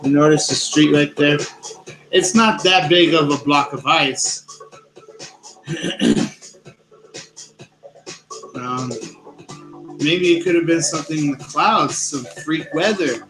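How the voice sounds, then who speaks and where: A man hosting a paranormal news show, talking loudly and close to the microphone, with many fillers and pauses. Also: on the high side, poor audio. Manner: loud, speaks close to the mic, hesitant with fillers. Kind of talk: casual solo show talk. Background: background music.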